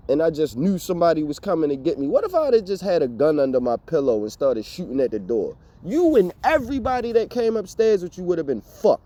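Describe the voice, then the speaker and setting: A young man telling a storytime vlog rant, animated, profane and exasperated. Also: fairly high pitch, brisk. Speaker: vlogger.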